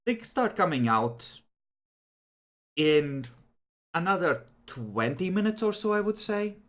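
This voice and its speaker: A man acting as game master in a relaxed online tabletop session, joking and swearing freely. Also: sits high, takes it slowly. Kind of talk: casual tabletop game narration.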